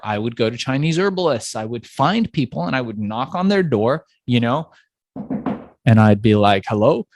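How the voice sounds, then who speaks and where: A man from Iran tells a story from his own life in a conversational interview, pitching his voice up and down to act out the people he met. His voice sits in a middle range. The sound is dry and close, with no room echo. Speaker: entrepreneur guest.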